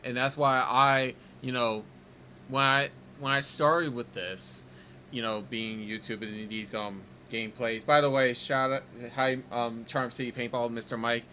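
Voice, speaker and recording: A man's voice: mid-range voice, level tone, a little slow, bright, forceful tone, slight background noise. A man hosting a podcast, chatting casually in a loose, rambling way with many fillers. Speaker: podcast host.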